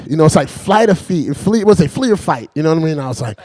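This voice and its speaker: A man's voice: fairly high pitch, lively intonation, quick pace, few pauses, darkish tone, no room sound. A man doing a rambling stand-up routine, chuckling between lines and repeating "you know what I mean". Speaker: stand-up comedian.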